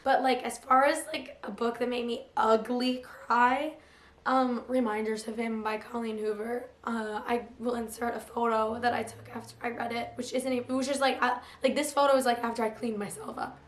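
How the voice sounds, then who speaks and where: A young woman talks casually about books in a somewhat high voice, hoarse as it recovers. She is chatty and peppers her talk with "like." The room gives her voice a noticeable echo. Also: little pitch movement, moderate pace, a little hiss or hum. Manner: chatty, lots of "like" fillers. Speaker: book vlogger. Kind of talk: casual chat. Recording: roomy echo.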